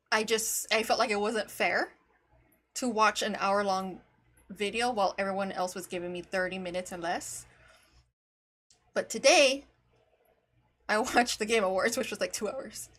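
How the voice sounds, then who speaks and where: A woman's voice: mid-range voice, fairly bright tone. A woman streamer chatting casually while reacting to videos, rambling and laughing often, and talking to her cat.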